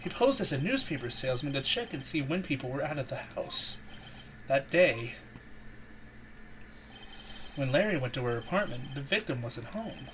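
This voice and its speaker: A man's voice: medium pitch, expressive, normal speed, pauses often, a bit bright, a little hiss or hum, poor audio. A man narrating a game scene casually, reading aloud in a playful way. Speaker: co-op game voice-over player. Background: game music.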